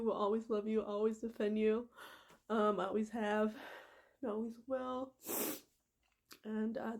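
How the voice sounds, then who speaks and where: A woman's voice: fairly high pitch, creaky, dark tone. A woman vlogging casually, reading passages aloud and talking with lots of fillers. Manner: gushing, filler-heavy, uses "like" and "freaking". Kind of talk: casual emotional vlog.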